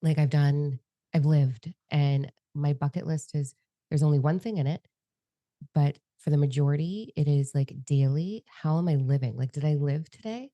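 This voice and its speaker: A woman co-hosting a podcast in a candid, free-flowing, expressive chat. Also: low-pitched, normal speed, no room sound. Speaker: podcast co-host. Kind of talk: casual heart-to-heart chat.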